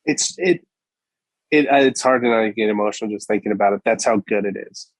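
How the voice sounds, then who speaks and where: A man's voice: lowish voice, fairly quick, no room sound. A man co-hosting a podcast, talking casually and emphatically about storytelling craft. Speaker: podcast co-host. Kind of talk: casual conversation.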